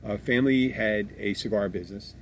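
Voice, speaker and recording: A man's voice: on the low side, fairly quick, slight background noise. A man from Philadelphia hosting a casual podcast chat, blunt and abrasive, swearing freely and restarting his sentences as he rambles. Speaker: podcast host.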